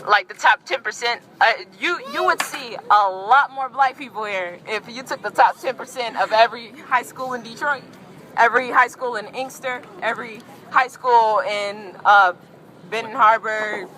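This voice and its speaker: A woman's voice: fairly high pitch, moderate pace, bright, forceful tone, low-quality recording. A woman organizer speaking at an outdoor rally, rambling with many fillers.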